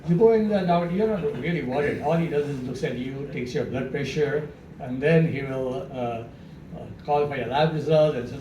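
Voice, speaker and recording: A man's voice: mid-range voice, moderate pace, highs cut off. A man, a dentist, telling comic stories on stage, chuckling and acting out dialogue. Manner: chuckling, animated, acts out dialogue. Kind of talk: stand-up storytelling. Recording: roomy, distant mic, faint background noise.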